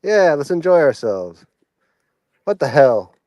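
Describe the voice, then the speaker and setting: A man's voice: a little high, sing-song, takes it slowly, a little mellow, no echo, highs cut off. A man chatting as a guest on a livestream, rambling and opinionated, with many fillers. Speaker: regular guest. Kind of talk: casual livestream chat.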